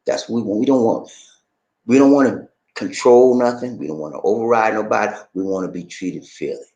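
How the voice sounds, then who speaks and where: A middle-aged man talks in an emphatic, preachy, conversational way. His voice sits fairly low. The room around him is echoey. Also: fairly quick, mellow, lo-fi sound. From American South. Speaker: commentator. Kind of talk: impassioned personal commentary.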